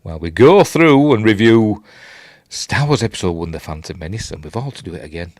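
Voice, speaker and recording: A man's voice: on the low side, sing-song, brisk, darkish tone, no room sound, studio quality. An older man with a Yorkshire accent hosting a casual live-stream chat, rambling and self-deprecating as he reads out viewer comments. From Yorkshire, England. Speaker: host. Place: at home late at night.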